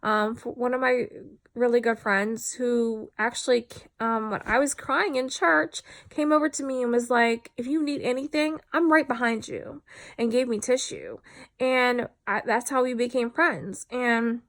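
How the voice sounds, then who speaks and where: A woman's voice: a little high, a little slow, a bit bright. A tired woman talking candidly in a personal vlog, reflective and full of fillers. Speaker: vlogger.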